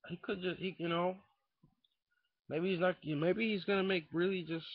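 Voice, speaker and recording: A young man ranting casually into a webcam indoors, profane and rambling, swinging from muttering to shouting. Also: high voice, fairly even intonation, moderate pace, no echo. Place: indoors at home. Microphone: webcam mic. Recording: dull lo-fi webcam audio.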